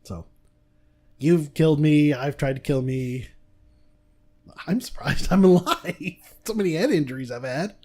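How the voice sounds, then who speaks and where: A young man, a podcast co-host, telling a story in casual chat, animated and laughing, swearing freely. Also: a little high, unhurried, pauses often.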